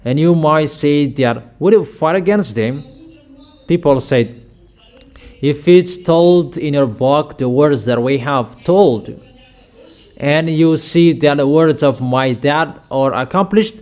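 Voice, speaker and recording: A man preaching a sermon in loose, non-native English, slow and emphatic, with sudden raised declarations. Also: medium pitch, a little mellow.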